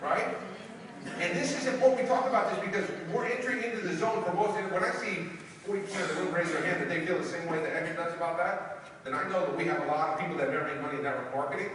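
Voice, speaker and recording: A man giving an energetic motivational training talk, acting out quoted dialogue and shouting for emphasis. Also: high voice, quick pace, noisy background. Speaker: network marketing trainer. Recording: echoey hall from far off.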